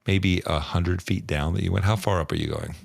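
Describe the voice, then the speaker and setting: A man running a tabletop game as game master, relaxed and halting, often laughing as he talks. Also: deep voice, creaky, no room sound, clean studio sound. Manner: relaxed, stumbling, often laughing mid-sentence.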